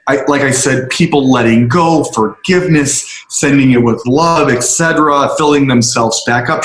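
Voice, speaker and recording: Earnest man telling a story, roomy sound. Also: medium pitch. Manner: earnest, slowing down for emphasis. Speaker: speaker addressing a group. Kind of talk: storytelling talk to a group. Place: on location, roomy space. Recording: roomy echo.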